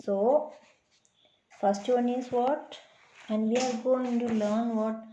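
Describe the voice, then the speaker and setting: A woman's voice: a little high, fairly even intonation, mellow, a little hiss or hum. A woman teacher giving a classroom lesson, explaining patiently and checking in with her pupils. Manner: slow, patient, checks in with "huh?".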